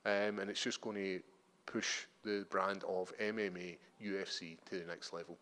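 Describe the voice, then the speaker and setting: A man in his thirties with a Scottish accent, a fighter talking at a media day interview, chatty and animated, telling stories with lots of restarts. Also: deep voice, moderate pace, in a large hall, a little hiss or hum. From Scotland. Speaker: MMA fighter.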